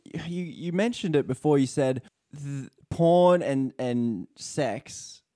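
A man co-hosting an interview, asking halting, searching questions. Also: medium pitch, expressive, dark tone. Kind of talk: conversational interview.

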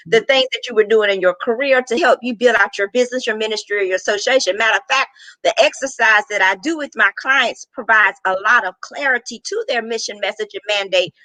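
Woman, middle-aged, business coach, animated, laughs often, bright tone, dry sound. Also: a little high, no room sound, poor audio. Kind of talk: casual interview talk.

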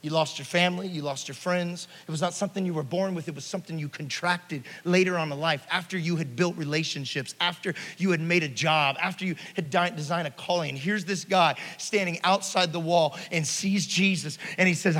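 High-voiced preacher in a reverberant hall. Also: male voice, a little fast. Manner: storytelling preacher, swings between hushed and loud. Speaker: pastor. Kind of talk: sermon.

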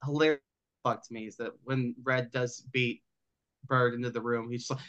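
A man co-hosting a casual movie review podcast, talking in an animated, profane way and acting out scenes in quick voices. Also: mid-range voice, highs cut off. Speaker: podcast co-host.

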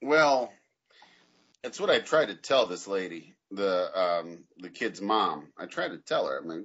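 A man co-hosting a podcast in casual chat, telling stories in a dry, dark, matter-of-fact way. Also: sits low, expressive, measured pace, breathy edge, muffled recording. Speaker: podcast co-host.

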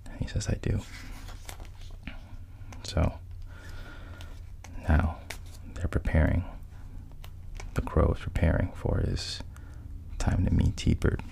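Deep gravelly man retelling a film plot. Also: little pitch movement, takes it slowly, pauses often, dark tone, a little hiss or hum. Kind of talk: casual spoken retelling.

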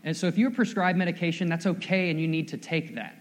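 A man's voice: fairly high pitch, fairly even intonation, fast. A male pastor preaching a sermon in a church, in a conversational, self-deprecating way and often repeating his words. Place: church sanctuary. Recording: long reverb of a large hall.

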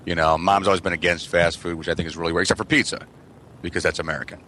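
A man's voice: deep voice, racing, a little hiss or hum. A man telling profane childhood stories in a casual podcast chat. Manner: profane, animated storyteller. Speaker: podcast co-host.

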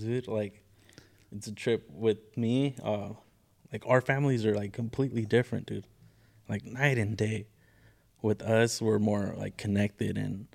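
A man's voice: fairly low pitch, gravelly, darkish tone. A man in laid-back podcast chat, slangy and saying dude a lot.

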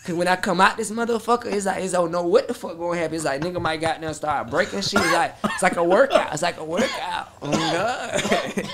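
A young man, a performing artist, telling stories in a casual interview chat, animated and profane, acting out his own reactions. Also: high-pitched, fast, hardly any pauses, over a noisy crowd.

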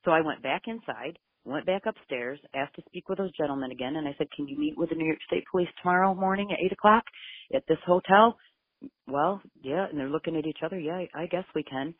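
With a low, slightly breathy voice and a somewhat fast pace, a mother describes in an interview her hunt for her missing son. Emotional and intense, she quotes everyone's words. The audio is narrow like a phone call, with no room sound.

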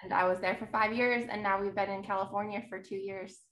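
A woman's voice: medium pitch, steady tone, fairly quick, a bit bright, a little hiss or hum. A woman in her thirties, a podcast guest, chatting in a rambling way and laughing easily. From New Jersey. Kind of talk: casual chat. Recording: echoey room.

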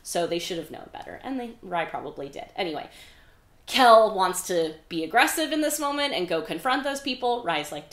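A woman's voice: medium pitch, animated, moderate pace, fairly bright tone. A woman hosting a podcast, recapping a book in a chatty, casual way with frequent "like" and some swearing. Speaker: podcast host. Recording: echoey room.

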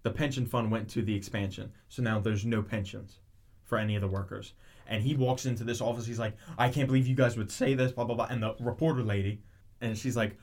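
A man's voice: on the low side, quick pace. A man in casual chat, animatedly retelling a show's plot with lots of restarts and tangents. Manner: rambling, animated storytelling with frequent restarts.

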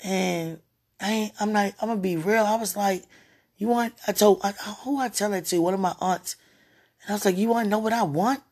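Husky tipsy woman rambling. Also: medium pitch, normal speed, darkish tone. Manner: giggly, rambling, self-interrupting. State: tipsy from wine. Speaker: live streamer. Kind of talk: casual rambling monologue.

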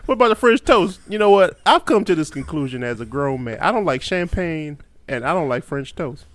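A man's voice: fairly high pitch, lively intonation, fairly quick, fairly bright tone, dry recording. A young man co-hosting a casual podcast chat, blunt and emphatic, often breaking into laughter. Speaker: podcast co-host.

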